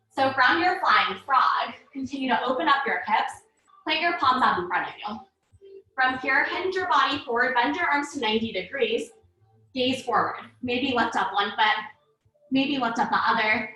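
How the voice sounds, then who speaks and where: A woman teaching a live online yoga class, cueing breaths and poses in a calm, paced way while out of breath. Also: fairly high pitch. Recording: echoey room from far off.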